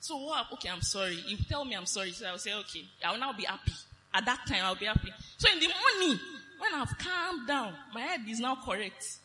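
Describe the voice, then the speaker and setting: A woman preaching a sermon on marriage, animated, laughing often and lifting phrases into a sing-song lilt. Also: a little high, fairly quick, big-room sound, a little hiss or hum.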